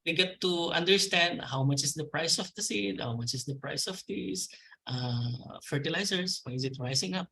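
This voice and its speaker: A man's voice: a little high, moderate pace, sharp tone, rough recording. A man with a Filipino accent answering webinar questions about farmer training, polite and hesitant, calling the host ma'am. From Philippines. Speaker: agricultural extension officer.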